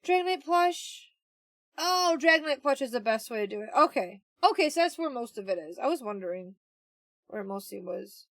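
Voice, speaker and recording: A woman's voice: on the high side, expressive, moderate pace, a bit bright, no echo. A woman streamer chatting casually with her viewers while playing, chatty and easily amused. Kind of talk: casual game livestream chat.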